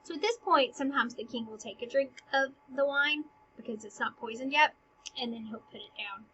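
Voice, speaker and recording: Chatty woman, breathy and bright, lo-fi. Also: high-pitched, normal speed. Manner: chatty, paraphrases lines in modern slang; often drops to a whisper. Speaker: teacher. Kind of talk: casual retelling of a play. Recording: dull lo-fi recording.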